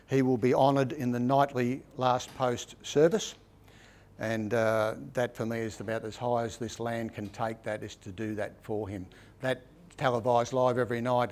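A middle-aged Australian man tells stories at a book presentation. He talks in a loose, conversational way, with restarts and a habit of asking "right?". His pitch sits in an ordinary middle range. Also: darkish tone. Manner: chatty, repeats "right?" often, rambling with restarts. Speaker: author giving a book talk. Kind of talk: casual storytelling presentation.

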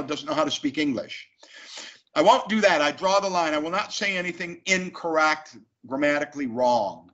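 A man's voice: a little high, sharp tone. A man, an actor, talking emphatically and animatedly as an interview guest. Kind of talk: casual interview talk. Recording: dull lo-fi sound.

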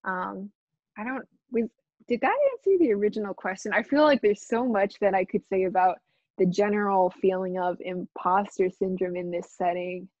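A woman's voice: mid-range voice, normal speed, a little mellow, dry recording, lo-fi sound. A young woman guest on a podcast, telling a rambling, self-deprecating story in casual chat. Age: young adult.

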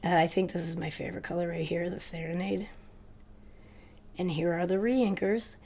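Woman crafting vlogger with a cold: low, fry-edged, nasal-stuffy voice, quick friendly chatter to camera. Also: steady tone, a little mellow. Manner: chatty, hurried, addresses viewers directly. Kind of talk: casual haul video chat.

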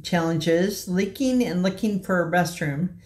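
A woman in her sixties from Kansas City, giving a slow, halting personal testimony in a slightly shaky voice. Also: fairly low pitch, a little mellow. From Kansas City, USA. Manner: slow, halting, earnest delivery with pauses. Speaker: patient telling her own story.

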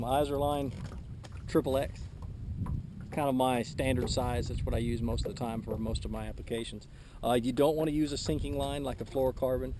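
A man teaching a fishing method on a boat outdoors, talking casually through a camera mic while he fishes, with frequent laughs. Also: mid-range voice. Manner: relaxed, chatty, laughs often, talks while fishing. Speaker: fishing instructor. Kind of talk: casual how-to demonstration. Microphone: camera mic, he moves around it. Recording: outdoor camera audio with noise.

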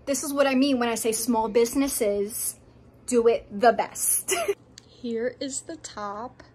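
A young woman pet vlogger chatting casually, bubbly and giggly, gushing with excitement. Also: on the high side, slow, breathy edge. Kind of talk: casual vlog.

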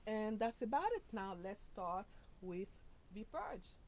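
An upbeat woman chats through a fashion try-on, calling her viewers "sis" and dropping plenty of fillers. She talks louder than her soft natural voice at a middle pitch. A faint hiss sits under the sound of the camera mic. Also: big pitch swings, takes it slowly, poor audio. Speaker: fashion vlogger. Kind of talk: casual try-on vlog. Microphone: camera mic, no lapel.

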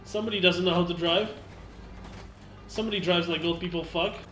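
A man streaming a shooter game, laughing, swearing and shouting excitedly at teammates. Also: high voice, a little fast, roomy sound. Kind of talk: casual gameplay chat.

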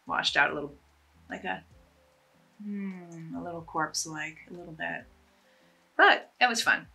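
A woman's voice: fairly low pitch, bright, forceful tone, husky. A woman chatting casually and enthusiastically as she demonstrates ways to tie scarves, with a self-deprecating humor. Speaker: fashion vlogger.

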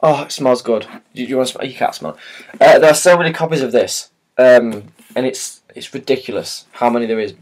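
A man's voice: mid-range voice, fairly quick, a little mellow. A man chatting casually and hesitantly as he unboxes and shows a new book, with many fillers and restarts. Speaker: vlogger.

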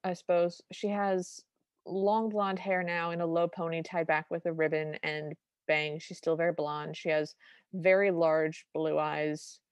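A woman's voice: low-pitched, flat delivery, unhurried, clean tone, no echo. A woman co-hosting a podcast, recapping a cartoon in a wry, detailed, opinionated way. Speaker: podcast co-host. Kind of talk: casual chat recapping a film.

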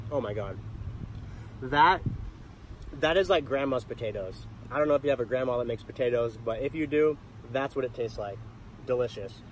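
A chatty, enthusiastic young man talking straight to his viewers at a mid pitch as he cooks and tastes. He records inside a camper van at a campsite, with a faint hum of background noise. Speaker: van life vlogger. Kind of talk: casual cooking vlog.

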